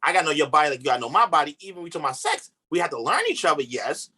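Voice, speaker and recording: An earnest man talks about relationships as a podcast guest. His voice is bright and very lively, rising and falling a lot. He makes his points with emphasis in relaxed, informal speech. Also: a little high, racing, slightly rough. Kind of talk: casual conversation.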